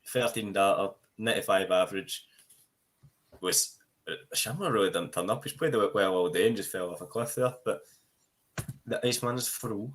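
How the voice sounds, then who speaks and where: A man co-commentating on online darts in casual banter, relaxed and talking to the viewers' chat. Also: sits low, normal speed. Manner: relaxed, talks to the chat room.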